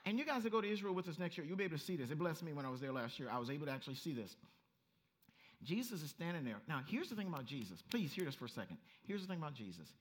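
A male pastor preaching a lively, story-driven sermon and acting out voices as he goes. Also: a little high, racing. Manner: animated storytelling, acts out voices, laughs.

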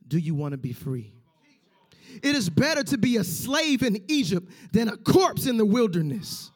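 A man with a strikingly high voice delivers a sermon. He talks emphatically, repeats key lines for stress and slips into the voices of the people he quotes. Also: very animated, normal speed. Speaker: preacher.

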